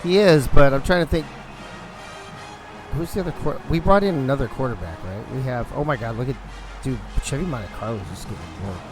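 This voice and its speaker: Male stream host, mid pitch, chatty and joking, loose live talk. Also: expressive, fairly quick, over music. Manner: chatty, joking, thinks aloud. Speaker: league organizer and stream host. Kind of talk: casual live-stream chat over a video game.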